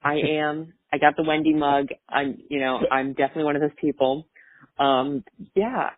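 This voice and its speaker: A man's voice: on the high side, fairly even intonation, normal speed. A man hosting a podcast in casual chat, rambling and chatty with fillers, over a tinny phone-like line. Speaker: podcast host.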